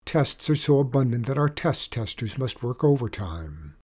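A man's voice: medium pitch, very animated, moderate pace, a little mellow. A man voicing a secretive army colonel who speaks in clipped, official military phrasing in a storybook reading.

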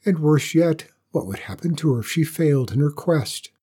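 A man reading a storybook aloud as narrator, in a calm, steady manner. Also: on the high side, normal speed, husky.

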